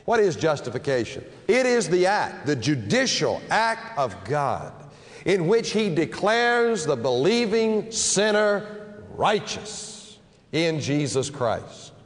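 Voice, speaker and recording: A man preaching a sermon with dramatic delivery, stretching key phrases slowly for emphasis. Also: on the high side, big pitch swings. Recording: long reverb of a large hall.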